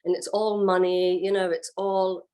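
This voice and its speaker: A woman's voice: medium pitch, measured pace. A woman, a guest on an interview show, telling her personal story in a casual way and acting out her own past reactions. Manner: animated, acts out what she said and felt. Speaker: guest sharing her testimony.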